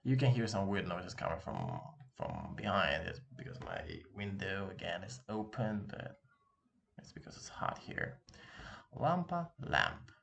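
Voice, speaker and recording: A man's voice: deep voice, huge pitch swings, measured pace, creaky, a bit bright, a little hiss or hum. A man with a Russian accent, a native Russian speaker, teaching a casual online language lesson and patiently repeating words for practice. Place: room with open window, street noise behind.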